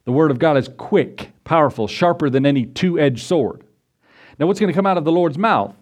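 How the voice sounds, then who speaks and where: This pastor preaches a sermon like a folksy storyteller, acting out quotes and small scenes along the way. His voice is a little high and expressive, and his pace is moderate.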